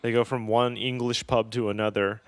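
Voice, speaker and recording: A man's voice: mid-range voice, little pitch movement, normal speed, smooth, no room sound. A man co-hosting a podcast, telling travel stories in casual, profane, self-deprecating chat. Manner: profane, self-deprecating, puts on mocking voices in quotes. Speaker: podcast co-host.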